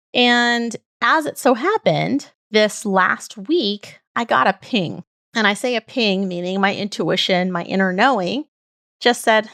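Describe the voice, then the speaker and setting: A woman's voice: medium pitch, gravelly, a bit bright, dry recording, studio quality. A middle-aged woman hosting a show, telling a personal story in an earnest, heartfelt way. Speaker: podcast host.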